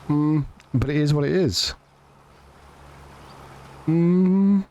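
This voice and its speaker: A man's voice: a little high, very slow, mellow, dull audio. A man live-streaming a farming game, chatting casually to viewers with jokes, swearing and lots of restarts. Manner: joking, sweary, rambling with restarts.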